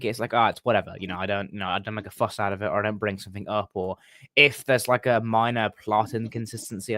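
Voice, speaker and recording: A man's voice: lowish voice, fairly bright tone, no echo. A man talking casually about running tabletop games, hesitant and full of ums and restarts. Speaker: game master and stream co-host. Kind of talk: casual podcast chat.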